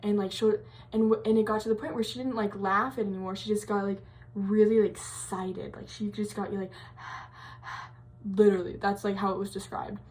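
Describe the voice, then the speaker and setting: A young woman at college tells a creepy tale in a loose, rambling way, filling gaps with fillers and restarting her sentences. Her voice sits at an ordinary middle pitch. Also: level tone, brisk, darkish tone. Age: young adult. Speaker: college vlogger. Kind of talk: casual storytelling.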